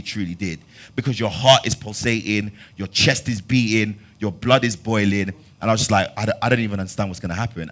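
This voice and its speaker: This London-born actor in his twenties has a lowish voice and a London accent. Speaking to an audience at a master class, he tells his story vividly, acting out dialogue and erupting into loud laughter at times.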